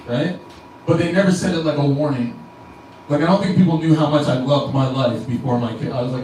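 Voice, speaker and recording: This stand-up comic has a dark tone, a higher-leaning pitch, and a quick pace, with slight background noise. His profane set rambles, full of self-interruptions and restarted sentences, and the distant mic catches an echoey club room with crowd ambience.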